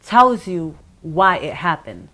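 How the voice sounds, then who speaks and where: A middle-aged woman telling her own story in an interview, halting and pausing, acting out the voices of others as she goes. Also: on the low side, big pitch swings, sharp tone. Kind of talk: emotional personal account.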